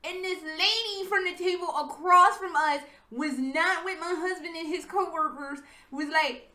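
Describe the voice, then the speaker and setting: A high, bright-voiced young American woman rattles through a profane storytime from her apartment, animated and self-mocking, and acts out the people she quotes. Her voice rings in a roomy, echoey space. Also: normal speed, few pauses. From United States. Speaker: vlogger. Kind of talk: casual storytime chat.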